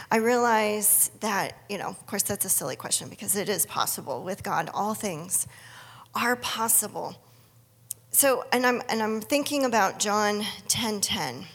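A woman's voice: medium pitch, big-room sound. Earnest woman telling a faith story. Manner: earnest, storytelling, acts out her own inner dialogue. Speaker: speaker sharing a faith testimony. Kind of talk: personal testimony talk.

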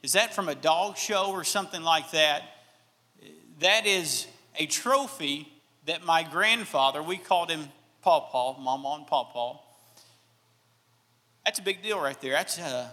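Bright-voiced Southern pastor preaching. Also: male voice, a little high, unhurried, big-room sound. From Alabama. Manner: folksy, self-deprecating storytelling. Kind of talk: sermon.

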